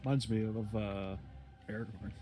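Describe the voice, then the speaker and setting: Low-voiced man making wry remarks. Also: steady tone, normal speed, mellow. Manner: laid-back, wry remarks. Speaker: player. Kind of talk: casual chat during a tabletop game.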